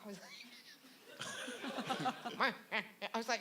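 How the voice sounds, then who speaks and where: A woman's voice: on the high side, slow, noisy background. A woman guest on a live podcast in a bar, animatedly telling stories, laughing often and mimicking people. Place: live show in a bar venue.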